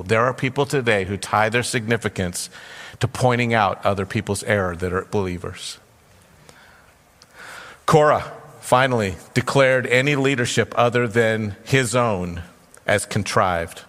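A man's voice: fairly low pitch, unhurried, fairly bright tone, long reverb tail. A man preaching a sermon as pastor, telling a parable and briefly voicing its characters. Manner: storytelling, briefly acting out characters' lines.

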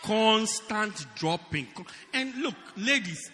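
A man preaching a humorous sermon, acting out stories and shouting the punchlines. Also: sits high, a little slow, hardly any pauses, in a large hall. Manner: animated storytelling, laughing and shouting punchlines. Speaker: pastor.

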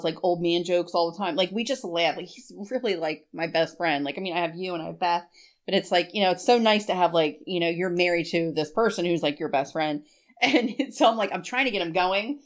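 A woman's voice: on the low side, brisk. A woman in her thirties co-hosting a podcast in casual chat, chatty and filling her talk with "like". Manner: chatty, peppers speech with "like". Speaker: podcast co-host.

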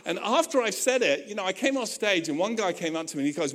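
A male pastor preaching a sermon to his church, animated and conversational, with humorous asides and acted-out quotes. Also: sits high, fast talker, few pauses.

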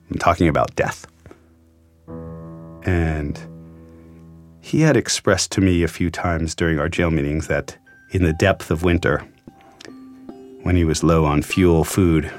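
Low-voiced male journalist, earnest and reflective storyteller, soft music under him. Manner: earnest, reflective, emotional retelling. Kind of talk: storytelling interview.

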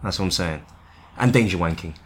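A man's voice: low-pitched, a little fast, crowd noise. A man hosting a casual podcast chat, rambling and joking with lots of fillers. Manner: rambling, jokey, frequent laughter and fillers. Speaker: podcast host.

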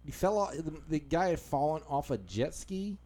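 A man co-hosting a comedy podcast, reading a news item aloud and breaking into laughter as he goes. His voice sits a little high, and his asides are dry and wry. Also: expressive, normal speed, a little mellow. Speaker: podcast co-host.

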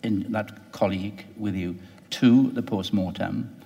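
A man's voice: fairly low pitch, fairly even intonation, measured pace, gravelly, warm tone. Reflective male interviewer in a reverberant space. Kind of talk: thoughtful radio interview.

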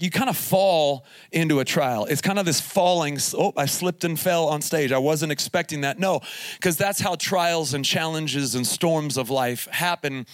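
With a high-leaning voice and no echo, a male pastor preaches at a camp service. His sermon is built on humorous stories, and he laughs his way through them.

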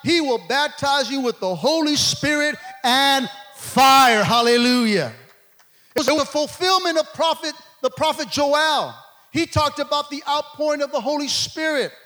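A middle-aged man preaching a sermon, repeating words and calling out, sometimes shouting and sometimes dropping to a low murmur. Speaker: pastor.

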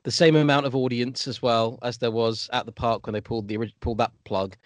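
A man's voice: mid-range voice, steady tone, fast talker, no room sound. A man guesting on a podcast, hesitant with many ums and a dry wit. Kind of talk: casual chat.

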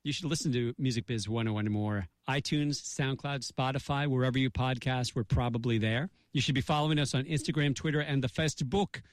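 A man's voice: medium pitch, fairly even intonation, dry recording. A middle-aged man co-hosting a radio show, telling jokey stories in casual banter and reading sponsor spots. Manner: jokey storyteller, quick ad reads. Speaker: radio co-host.

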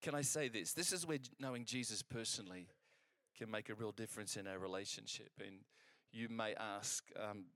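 A man preaching a sermon, telling a personal story in an animated, conversational way and acting out the exchanges, with frequent restarts. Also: lowish voice, normal speed, no echo.

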